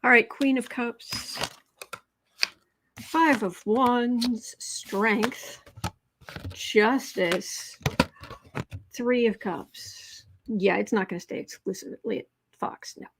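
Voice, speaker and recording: A woman's voice: a little high, slow, vocal fry, pauses often, noisy background. Chatty woman livestreaming a tarot reading. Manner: chatty, reads viewer comments aloud, many fillers and restarts; emphatic repetition. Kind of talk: live political tarot reading, chatting with viewers.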